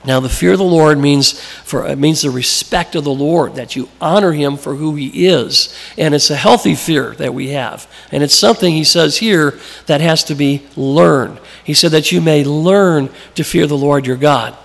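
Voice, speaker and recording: Male preacher, conversational sermon, slightly high gravelly voice, long hall reverb. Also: moderate pace, few pauses. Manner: conversational, asks questions, tells personal stories. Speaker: preacher and Bible teacher.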